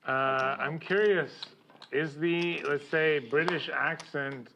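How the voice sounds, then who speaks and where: A man's voice: fairly high pitch, takes it slowly, background noise. A man playing poker, chatting casually and asking curious questions. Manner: curious, asks many questions. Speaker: poker player. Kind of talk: casual table chat.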